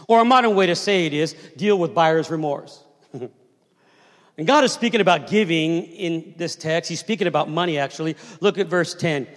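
The long reverb of a large hall surrounds this preacher in his fifties, whose voice is on the high side and moves at a moderate pace. He tells family stories conversationally during his sermon and invites the crowd to respond.

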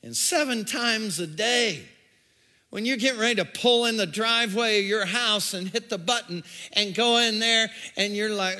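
A man's voice: sits high, animated, a little slow, bright, forceful tone, long reverb tail. A man preaching a sermon, stammering on restarts and acting out groggy complaints and fervent prayers. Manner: stammering restarts, acts out groaning and praying voices. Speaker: pastor.

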